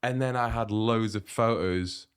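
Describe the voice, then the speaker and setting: A man's voice: fairly low pitch, a little slow, smooth. A young man in his twenties co-hosting a podcast, telling a story in casual chat, acting out the other people's lines with lots of restarts. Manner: animated storyteller, acts out quoted voices, many restarts. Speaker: podcast co-host.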